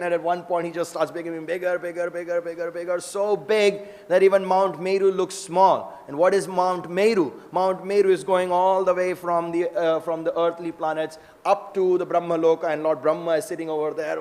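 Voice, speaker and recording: A man giving a lively scripture class, telling stories and acting out the dialogue. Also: a little high, a little fast, hardly any pauses. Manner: animated, acts out dialogue in the stories. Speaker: scripture lecturer. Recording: long hall reverb.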